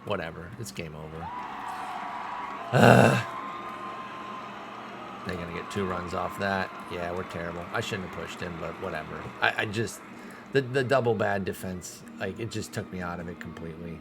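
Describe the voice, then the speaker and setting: A man's voice: low-pitched, fairly quick, background noise. A man streaming a baseball management game, giving casual commentary in a frustrated, sarcastic way and swearing often.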